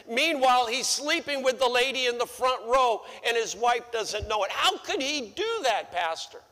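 A middle-aged male pastor preaching a sermon, telling a story in an animated way with stammering restarts. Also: very high voice, normal speed, long reverb tail. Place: church sanctuary.

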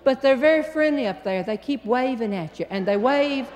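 An older woman with a North Carolina Southern accent, telling a comic story on stage in an animated, drawling way. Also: sits high, normal speed, slight background noise. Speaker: humorist. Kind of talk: stand-up storytelling. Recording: hall with long reverb.

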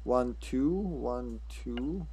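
Casting: casual male streamer, rambling and stammering commentary over gameplay, mid-pitched voice. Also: very slow, warm tone. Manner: rambling, stammering, swears and laughs a lot. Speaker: streamer playing a horror game.

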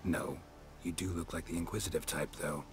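A man voicing a terse, stoic male monster hunter in a video game, speaking in low clipped lines. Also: steady tone, fairly quick. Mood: gruff. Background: game music.

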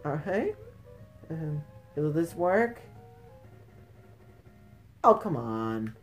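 A woman's voice: low voice, sing-song, extremely slow, soft background music. A woman giving let's play commentary, taunting enemies and shrieking in frustration at the game. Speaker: gamer playing retro games.

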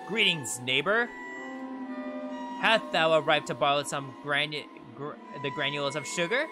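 A man's voice: fairly high pitch, normal speed, music in the background, natural voice. A man voicing an old-fashioned male ghost who speaks in grand, archaic phrases. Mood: grandiose. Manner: archaic, theatrical speech.

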